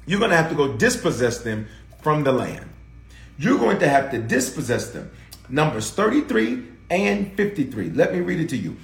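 A man's voice: a little high, big pitch swings, moderate pace, creaky, roomy sound. A middle-aged man preaching as a bishop in a sermon preview, calling out to viewers and urging them to answer in the comments.

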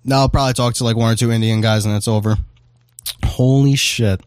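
A man's voice: mid-range voice, fairly even intonation, brisk, clean tone, dry recording, clean studio sound. A man hosting a podcast, telling a rambling, profane story in casual chat. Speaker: podcast host.

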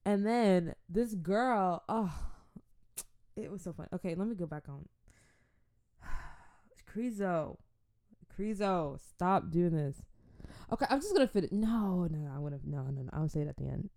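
Chatty woman vlogger, lowish warm voice, gets animated, dry sound. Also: unhurried, vocal fry, pauses often, no room sound. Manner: animated and chatty, with church exclamations. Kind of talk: casual chat to viewers.

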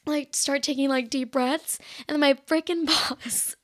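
A woman's voice: sits high, fairly even intonation, unhurried, a bit bright, dry recording, clean studio sound. A young woman hosting her own podcast, telling a story in a casual, confessional way, with constant "like" fillers and acted-out quotes of her past self, a little shaky. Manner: chatty, heavy "like" filler, acts out her own past lines. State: shaky, emotional. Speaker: podcast host.

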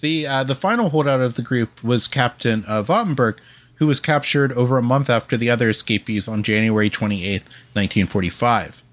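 A man co-hosting a relaxed history podcast reads his notes aloud, his delivery full of ums and uhs. His voice is mid-range and fairly bright, and he speaks fairly quickly.

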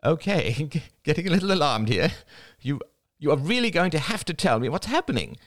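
A man plays a wry, wary woman in an audiobook, pitching his voice up for her. She pokes and probes with dry, teasing questions, the sound close and free of room echo. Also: big pitch swings, a little fast. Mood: incredulous. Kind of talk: audiobook character voice.

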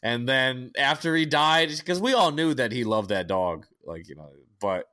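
A young adult man, co-hosting a podcast and telling a story in casual chat, profane and animated with many restarts. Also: medium pitch, moderate pace. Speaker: podcast co-host.

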